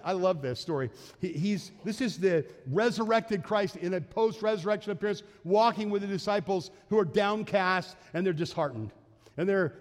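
Pastor guy preaching in a church, pretty high voice, chatty, acts out little bits, long echo in the room. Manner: conversational preaching, acts out quotes and asides. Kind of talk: sermon. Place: church sanctuary.

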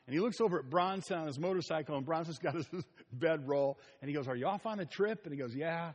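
A middle-aged man preaching a sermon, telling stories with asides and soft chuckles. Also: a little high, husky, dull audio. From Ohio. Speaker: pastor. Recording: long reverb of a large hall.

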